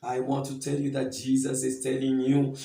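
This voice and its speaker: Gravelly, roomy-sounding preacher man. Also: medium pitch, completely flat delivery, moderate pace, dark tone, soft background music. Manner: earnest, repetitive reassuring preaching. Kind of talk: sermon. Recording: roomy, distant mic.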